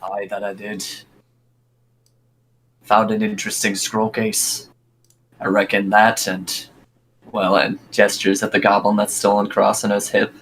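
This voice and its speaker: A man's voice: fairly low pitch, monotone, unhurried, long pauses, fairly bright tone, slight background noise, low-quality recording. A man voicing a blunt, earthy male dwarf adventurer in a tabletop game, answering in terse, old-fashioned phrases. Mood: gruff. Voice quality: folksy dwarven drawl. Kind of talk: in-character tabletop role-play.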